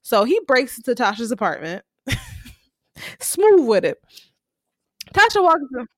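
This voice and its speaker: An animated woman co-host with a high, very lively voice that swings up and down as she chats through a TV recap. She keeps slipping into the characters' voices and laughing between lines. The recording is close and dry. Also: a little slow, no room sound. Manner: frequent "like" fillers, laughs while talking. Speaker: podcast co-host. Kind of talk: casual TV recap chat.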